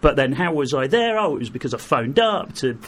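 Man telling animated anecdotes. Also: fairly high pitch, brisk. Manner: animated anecdotes, acts out quoted voices, laughs through. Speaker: guest. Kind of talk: storytelling in an interview.

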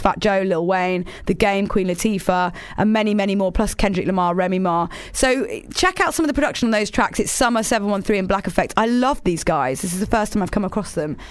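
A woman with a mid-range voice hosts a radio show, chatting enthusiastically and rambling from the studio on a dry recording.

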